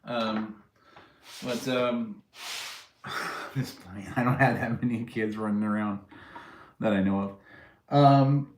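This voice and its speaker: A livestream host rambles and jokes with his viewers, laughing at his own stories. His lowish, darkish voice stays fairly even, and he takes his time, leaving long pauses. The room is echoey.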